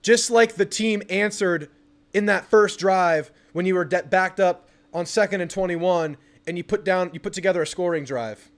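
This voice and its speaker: A young man hosting a live football watch party, chatting casually about the game and bursting into excited yelling at the TV on big plays. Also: high-pitched, normal speed. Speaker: sports channel host.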